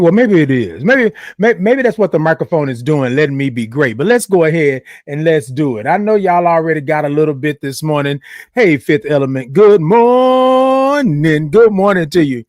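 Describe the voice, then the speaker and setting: A high-voiced man hosts a morning live stream, bouncing all over his range as he chats playfully with his viewers. He draws his greetings out into long sing-song calls. The sound is close and dry, with no room around him. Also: sing-song, fairly quick, no room sound. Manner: chatty and playful, talks straight to the audience. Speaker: host.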